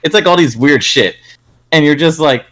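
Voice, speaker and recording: A man's voice: fairly high pitch, moderate pace, fairly bright tone, a little hiss or hum. A young man co-hosting a podcast, telling a crude rambling story with lots of fillers and laughs. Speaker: podcast co-host. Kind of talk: crude casual chat.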